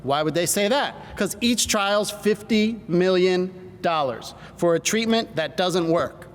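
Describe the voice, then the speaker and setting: A middle-aged man, a doctor, giving an energetic seminar talk to a live audience and drawing them into call-and-response. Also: measured pace. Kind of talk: stage presentation to a live audience. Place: large hall with audience. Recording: hall reverb, faint rumble.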